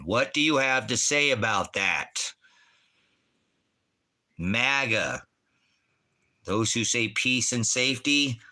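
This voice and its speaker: A man with a fairly low voice and a bright, forceful edge, ranting to his livestream chat from indoors at his farm. He rambles from point to point, swears freely and fires questions straight at his viewers. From Oregon, USA. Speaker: livestreaming vlogger. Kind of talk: casual livestream rant.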